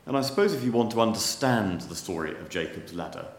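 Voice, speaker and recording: Man, sermon, deep low voice, measured, wry storytelling, echoey church. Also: lively intonation. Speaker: preacher.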